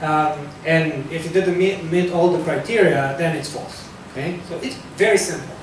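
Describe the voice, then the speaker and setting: A man giving a live technical talk to a room, loose and conversational, with fillers and self-corrections. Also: moderate pace. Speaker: security talk presenter. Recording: echoey hall from far off, faint rumble.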